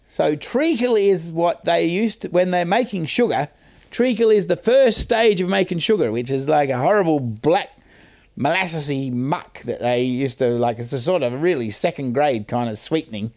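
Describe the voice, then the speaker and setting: Gravelly, lively-voiced older man. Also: fairly high pitch, moderate pace. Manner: chatty, self-mocking, salty language. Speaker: host. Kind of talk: casual storytelling explainer.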